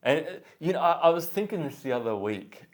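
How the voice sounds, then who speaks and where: A man hosting a podcast, telling anecdotes in a casual, animated way with many restarts. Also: fairly high pitch, fairly quick. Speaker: podcast host. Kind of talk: casual chat, storytelling.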